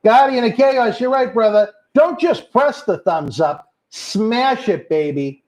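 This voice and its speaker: A man's voice: extremely high pitch, lively intonation, takes it slowly, a little mellow. A man with a Boston accent hosting a live wrestling watch-along, reading out viewer comments and calling people brother. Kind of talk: casual live-stream chat.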